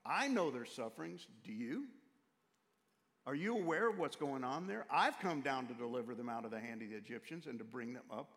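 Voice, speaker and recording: A man's voice: mid-range voice, lively intonation, fairly quick, fairly bright tone. A man voicing God as a caring deity who presses with pointed questions, in a big reverberant hall. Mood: urgent pleading. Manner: urgent, questioning. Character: God, a probing, caring male divine voice.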